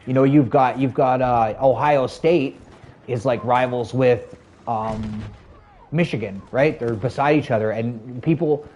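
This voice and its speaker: A man's voice: medium pitch, measured pace, a little mellow. A man in his thirties chatting casually to his stream viewers, rambling loosely with lots of "like" and "you know". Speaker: live streamer.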